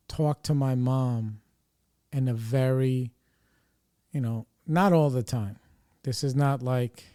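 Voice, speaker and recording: Mellow-voiced man telling rambling stories. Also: mid-range voice, dry recording, studio quality. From New York area. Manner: loose, rambling, lots of fillers and restarts. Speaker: podcast host. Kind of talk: casual storytelling.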